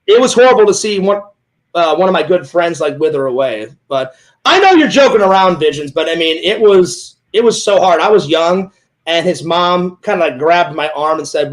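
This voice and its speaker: Recorded in low quality, a male host with a fairly high, expressive voice speaks at normal speed in a casual interview. He drifts through personal anecdotes, imitating what others told him and frequently going over the same ground.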